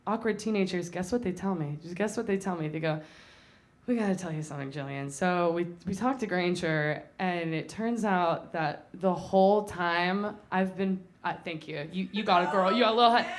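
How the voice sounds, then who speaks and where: Young woman from North Carolina, live comedic storyteller on a small stage; chatty, self-mocking, mid-range voice. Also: mid-range voice. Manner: chatty and self-mocking, laughing at her own jokes. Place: small theater stage before a live audience.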